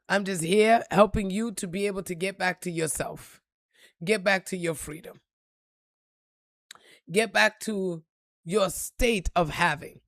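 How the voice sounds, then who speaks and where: A woman giving an impassioned, profane motivational talk on a live stream, repeating lines and building to shouts. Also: on the low side, no echo, studio quality. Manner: preachy, profane, rising to shouts.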